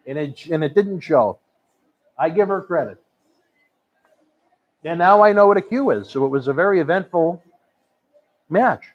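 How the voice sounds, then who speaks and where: A chatty male host rambling through a wrestling watch-along in a high, very animated voice. The recording sounds a bit dull and lo-fi. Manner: chatty, rambling, quick to laugh.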